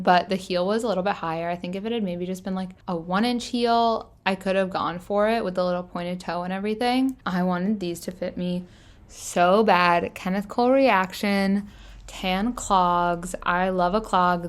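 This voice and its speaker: A young woman casually narrating her thrift-shopping trip, chatty and enthusiastic, with plenty of filler words. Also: fairly low pitch. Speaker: fashion vlogger. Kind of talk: casual thrift-haul voice-over.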